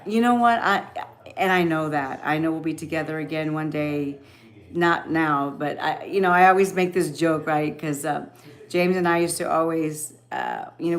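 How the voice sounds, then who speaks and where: Low gravelly-voiced woman chatting with viewers. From Texas, Rio Grande Valley. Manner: emotional, halting, many restarts and fillers. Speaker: livestream host. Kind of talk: casual chat with viewers.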